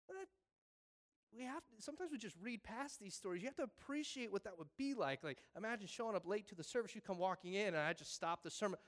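A man's voice: high voice, animated, fast talker. A man preaching a sermon in a casual way, acting out the voices of biblical figures. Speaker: pastor.

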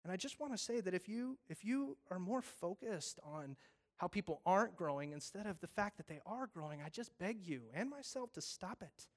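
A man preaching a sermon, animated, acting out scenes with voices and pleading earnestly. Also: sits high, moderate pace. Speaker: pastor.

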